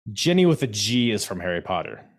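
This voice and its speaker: A man with a fairly low voice hosts a casual wrestling podcast. His pitch swings widely as he talks. He stumbles through fillers and restarts and laughs easily. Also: very animated, fairly quick. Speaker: podcast host.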